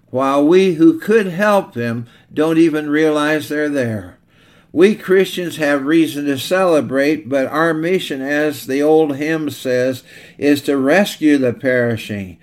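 A man preaching a sermon in a voice of middling pitch. He tells illustrative stories earnestly and slows down on the lines he wants to land. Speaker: pastor.

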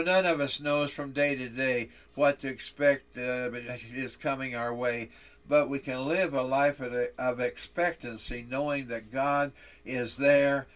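A man's voice: mid-range voice, steady tone, unhurried, a bit bright. A male preacher telling a solemn story, then delivering a sermon.

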